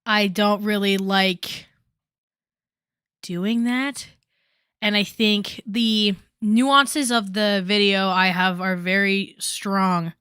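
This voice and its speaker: A woman's voice: mid-range voice, fairly even intonation, drawn-out words, a bit bright, smooth, no room sound, clean studio sound. A young woman chatting casually on a commentary stream, rambling with many fillers and asides.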